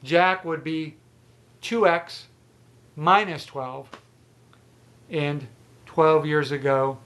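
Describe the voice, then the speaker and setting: A man's voice: a little high, fairly even intonation, very slow, fairly bright tone. A man in his sixties hosting a trivia channel, chatting outdoors as he explains a math riddle, rambling and restarting his sentences. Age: 60s. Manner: chatty and rambling, with repeated false starts.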